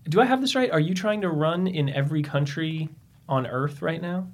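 A man's voice: on the high side, moderate pace. A man hosting a casual interview, giving brief reactions and asking hesitant questions.

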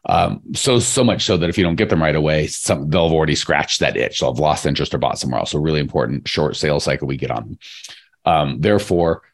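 Male podcast host, very low voice, chatty and rambling, high energy. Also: quick pace. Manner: energetic, rambling, addresses listeners directly. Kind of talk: casual podcast chat.

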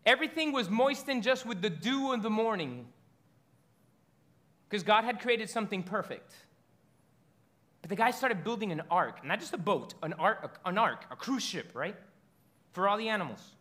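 A man in his thirties preaching a sermon as pastor, animated and storytelling, often stumbling and repeating words. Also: high voice, normal speed, long pauses.

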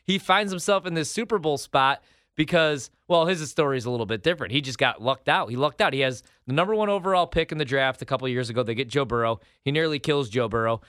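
A man co-hosting a sports chat show, with a bright, forward tone and a mid-range voice. He talks in a laid-back, chatty way and drifts into personal stories. The recording is dry and close. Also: mid-range voice, fast, clean tone, no echo. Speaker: co-host.

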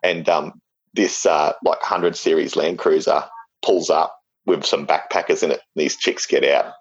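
A middle-aged Australian man with a very low voice spins a rambling, jokey yarn, stumbling through fillers and restarts. The recording sounds dull and lo-fi. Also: fairly even intonation, unhurried, slightly rough. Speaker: interviewee. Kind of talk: casual storytelling.

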